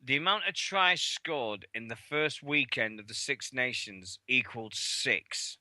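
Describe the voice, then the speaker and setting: A man co-hosting a sports radio show, chatting casually and ranting loudly and swearing when worked up. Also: medium pitch, animated, measured pace, dry recording. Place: radio studio.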